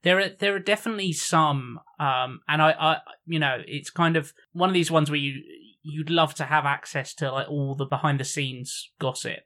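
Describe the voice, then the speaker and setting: A man with a somewhat high voice talks through his thoughts at an even pace as a podcast co-host. He is measured and reflective, musing aloud in a relaxed chat about films.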